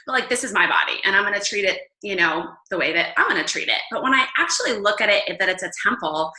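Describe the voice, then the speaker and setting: A woman leading a casual Bible study talk, chatty and upbeat, laughing often and filling pauses with "um.". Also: medium pitch, lively intonation, pushed and bright, reverberant, rough recording.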